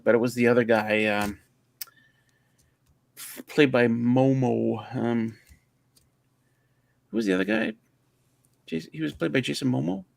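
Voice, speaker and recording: A man's voice: medium pitch, gravelly. A man co-hosting a livestream, chatting casually and rambling as he searches for words. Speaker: livestream co-host. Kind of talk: casual chat.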